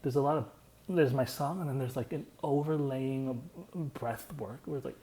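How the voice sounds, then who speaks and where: A man's voice: mid-range voice, moderate pace, warm tone, slight background noise, low-quality recording. A young man casually explaining his own song in a loose, rambling way, full of "like" fillers.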